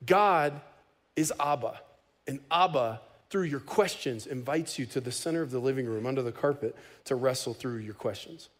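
A man preaching a sermon as pastor, conversational and animated, with casual humor. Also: mid-range voice, normal speed.

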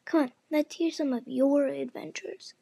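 A woman's voice: high-pitched, steady tone, normal speed, creaky, warm tone, no room sound. A woman reading the lines of a male griffin in a storybook, solemn and impatient, often half-whispered.

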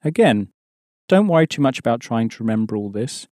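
In an audio language course, a man patiently explains material and prompts the learner to answer. His mid-range voice is expressive, fairly quick, and darkish, recorded dry with clean studio sound.

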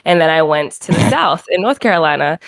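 A young woman with a New England accent co-hosts a relaxed conversation. She tells stories with energy and slips into playful voices. Her voice sits a little low for a woman. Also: fairly quick, creaky, no room sound. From New England, Rhode Island. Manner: animated storyteller, playful put-on voices. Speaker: co-host. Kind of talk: casual chat.

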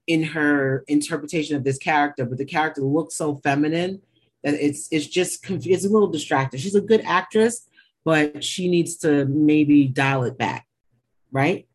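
A woman's voice: low-pitched, unhurried, slightly rough. A woman co-hosting a casual TV recap, blunt, opinionated and swearing freely. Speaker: podcast co-host.

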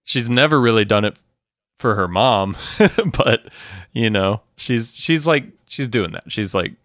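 A man's voice: mid-range voice, animated, measured pace, a bit bright, no echo, clean studio sound. A man chatting casually as a podcast co-host, retelling a TV episode scene by scene, acting out the characters' lines and swearing freely. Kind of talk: casual chat recapping a TV episode.

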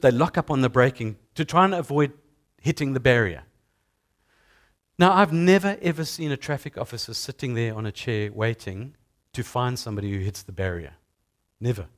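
A middle-aged man, preaching a sermon as a pastor in an animated storytelling way. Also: medium pitch, normal speed. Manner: storytelling, animated with acted-out sounds.

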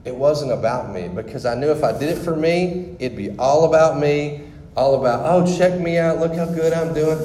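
A mellow man with a mid-range voice shares his personal testimony with a group in a hall, candid and conversational, often restarting his sentences. A little hiss or hum is audible.

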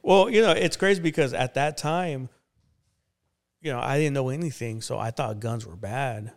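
Speaking at a moderate pace and medium pitch, a pastor being interviewed casually recounts his life story. He sounds relaxed and conversational, dropping lots of fillers such as "you know."

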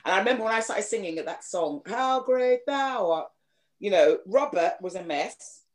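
A woman from the East End of London with a slightly posh London accent, a singer hosting a casual podcast chat, halting and repeating words as she talks. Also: on the low side, lively intonation. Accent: London, slightly posh with a Cockney edge. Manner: halting, repeats words, many 'you know's.

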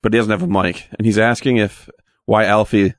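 A man's voice: lowish voice, fairly even intonation, brisk, dry recording, clean studio sound. A man playing a tabletop game, chatting casually and explaining with a wry tone. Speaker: player.

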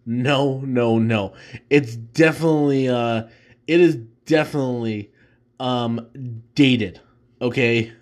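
A man's voice: mid-range voice, slow pace, a little mellow. A man hosting a casual solo show, ranking films in a rambling way with restarts and easy laughs. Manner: rambling, many fillers and restarts, laughs easily. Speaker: host.

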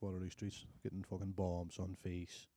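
A young man talks in a loose, animated, sweary way on a casual podcast. His voice is lowish and very dark and mellow. The sound is dry and close. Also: normal speed, no room sound. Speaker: podcast co-host. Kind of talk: casual chat.

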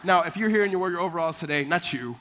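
High-voiced pastor telling animated stories. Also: male voice, rapid-fire. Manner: animated storytelling, acting out dialogue, laughing often. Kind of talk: sermon. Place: church.

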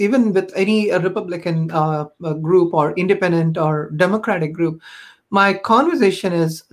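Earnest woman telling personal stories. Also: on the low side. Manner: earnest, reflective, many fillers like um and you know. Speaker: podcast guest. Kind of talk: personal storytelling in conversation.

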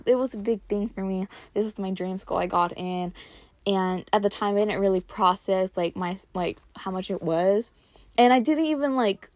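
This young adult, an incoming college student, has a gravelly, darkish, mid-range voice captured without room sound. Chatting through a personal story on a casual vlog, she fills her speech with "like."

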